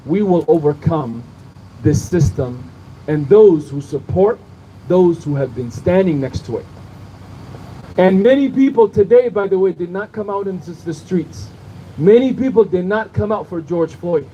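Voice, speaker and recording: A man's voice: high voice, animated, measured pace, dark tone, highs cut off, slight background noise. A man delivering an impassioned outdoor protest speech at night, building rhythm through repeated rhetorical phrases. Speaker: rally speaker.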